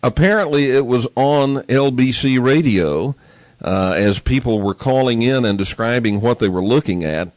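A man hosting a call-in radio show, talking in an unhurried way with many fillers and restarts. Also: medium pitch, a little mellow, no room sound.

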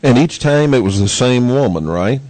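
A man's voice: medium pitch, expressive, moderate pace, darkish tone, no room sound. A man interviewing a guest, asking prompting questions with hesitant fillers.

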